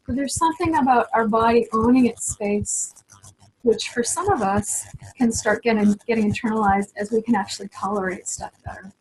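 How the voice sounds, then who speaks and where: A middle-aged woman, a somatic coach, gently guiding listeners through a body exercise with soft fillers and encouragement. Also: fairly high pitch, moderate pace, husky, poor audio. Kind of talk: guided somatic exercise instruction.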